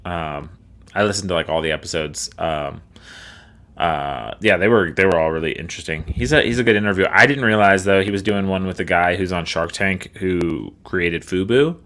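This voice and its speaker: A man's voice: deep voice, normal speed, fairly bright tone. A young man co-hosting a podcast, chatting casually, laughing often and rambling. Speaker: podcast co-host. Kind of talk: casual chat.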